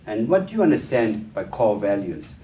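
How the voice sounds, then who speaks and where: At a roomy talk venue, a man with a fairly low, mellow voice gives a workshop talk on family life at a normal speed, his pitch swinging widely over soft background music. He teaches through stories, acting out the dialogue in changed voices and leaning on frequent hesitant fillers. The distant mic picks up plenty of roomy echo.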